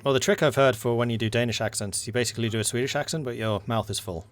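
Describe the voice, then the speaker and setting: A man's voice: mid-range voice, racing, a little hiss or hum. Chatty man hosting a game stream. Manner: chatty, thanks subscribers by name. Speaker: game master and stream host. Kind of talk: casual chat between game sessions.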